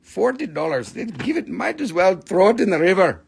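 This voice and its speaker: Joking, gravelly high-voiced man selling rocks. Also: sing-song, normal speed. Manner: joking, rowdy, swears freely; broken, non-native English grammar. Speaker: host selling minerals on a live stream. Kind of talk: live sales stream, casual patter.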